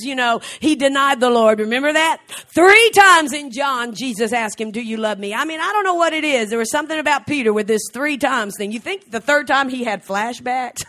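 A middle-aged woman preaching a fervent sermon, swinging from soft, slow passages to shouted exclamations and frequent laughter. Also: high-pitched, animated. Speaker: traveling preacher.

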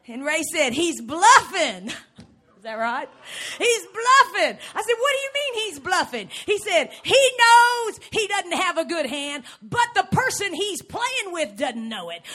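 High, bright-voiced woman preaching. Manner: animated, shouting, acts out scenes. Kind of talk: sermon. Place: church before a live congregation.

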